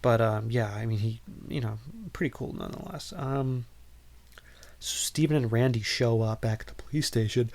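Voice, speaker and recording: A man's voice: mid-range voice, normal speed, darkish tone. A man hosting a podcast, recapping a film in a casual, rambling way with lots of ums and wry asides. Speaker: podcast host.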